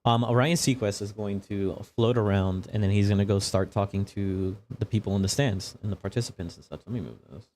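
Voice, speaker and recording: A man's voice: on the low side, steady tone, a little fast, few pauses, a little mellow, a little hiss or hum. A man narrating as game master of a tabletop game, casual and profane with a rambling delivery.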